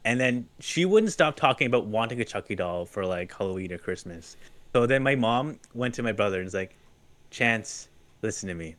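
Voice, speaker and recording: Male podcast talker, lively storyteller, laughs a lot. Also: mid-range voice, a little fast. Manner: lively storyteller, laughs often, acts out quotes. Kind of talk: casual chat.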